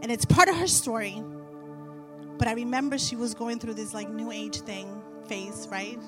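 Animated middle-aged woman sharing faith testimony. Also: a little high, normal speed, over music. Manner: animated storytelling, repeating phrases for emphasis. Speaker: Christian speaker sharing a testimony. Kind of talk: faith testimony told to an audience.

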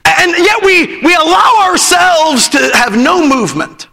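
High, bright-voiced man preaching. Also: sing-song, unhurried, creaky, hardly any pauses, big-room sound. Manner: emphatic, repeats phrases, breaks into laughter. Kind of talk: sermon.

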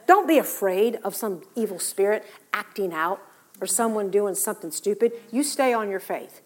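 Preaching to her congregation, a woman brings Bible tales to life by performing each character's voice. She speaks in a mid-range voice at a normal pace.

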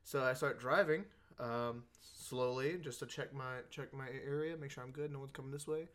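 A man's voice: medium pitch, steady tone, normal speed, fairly bright tone. A young man casually telling friends about a driving mishap, laughing often. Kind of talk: casual storytelling among friends.

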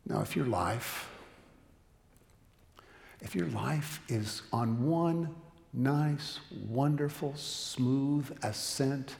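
A male pastor preaching a sermon with a story, dramatic, swinging from loud emphasis down to near-whispers. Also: medium pitch, very slow, vocal fry, pauses often. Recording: echoey hall with long reverb.

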